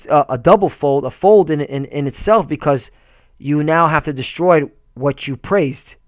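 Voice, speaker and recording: A man's voice: a little high, smooth, no room sound, clean studio sound. A man preaching a fiery, profane sermon and reading scripture aloud. He stumbles and repeats himself often and keeps asking "all right?".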